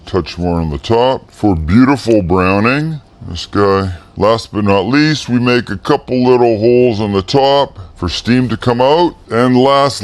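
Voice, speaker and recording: A man's voice: medium pitch, lively intonation, unhurried. A middle-aged man hosting a casual cooking show, chatting enthusiastically and exclaiming over the food as he cooks. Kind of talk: casual cooking demo talk.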